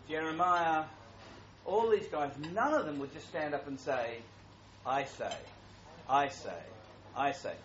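A man preaching a sermon in a church, talking in a conversational, animated way that grows louder. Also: fairly high pitch, a little hiss or hum. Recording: roomy, muffled church recording.

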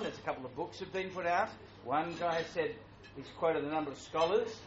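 A man's voice: on the high side, background noise. Man preaching in a roomy church. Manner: conversational, animated, grows louder. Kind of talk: sermon. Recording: roomy, muffled church recording.

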